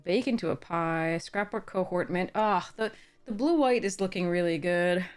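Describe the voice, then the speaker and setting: A woman's voice: on the low side, moderate pace, clear, resonant tone, faint music behind. Chatty woman streaming a card draft. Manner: chatty, thinks aloud, greets chat warmly. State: a little tired. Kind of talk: casual live-stream chat while drafting cards.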